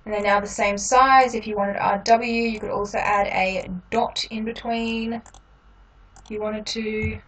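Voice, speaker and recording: A woman hosting a step-by-step software tutorial, explaining each click in a relaxed way with frequent ums. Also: medium pitch, measured pace, distant mic, a little hiss or hum, rough recording. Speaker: tutorial host.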